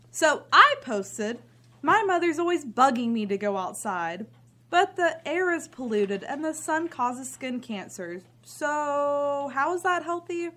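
An actress playing a bitter, cynical grown daughter who talks with sarcastic scorn. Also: female voice, high voice, sing-song, slow pace, a bit bright, heavily acted. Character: bitter cynical adult daughter living at home. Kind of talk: drama scene.

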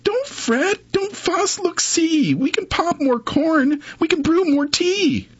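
A man voicing a tiny, fussy mouse in a high squeaky voice, reading a storybook. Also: animated, slow, dry recording, full character voice. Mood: soothing. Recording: dull muffled recording.

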